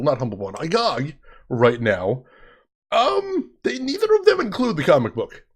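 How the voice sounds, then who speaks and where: Lively husky man hosting a let's play. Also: sits high. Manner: playful showman, mock-grand announcements. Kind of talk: casual game commentary.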